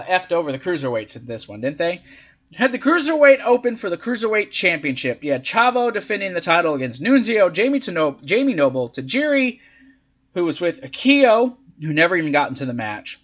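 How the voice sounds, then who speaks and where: Animated, profane man recapping wrestling matches. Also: high-pitched, highs cut off. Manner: profane, sarcastic, animated, acts out quotes in silly voices. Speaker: podcast host reviewing wrestling events. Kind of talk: casual commentary and recap.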